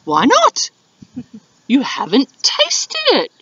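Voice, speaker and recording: Chorus of squeaky, alarmed bush animals, voiced by a woman, very high. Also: huge pitch swings, takes it slowly, a bit bright, slightly rough, no room sound, full character voice. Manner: squeaky and urgent. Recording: dull lo-fi video sound.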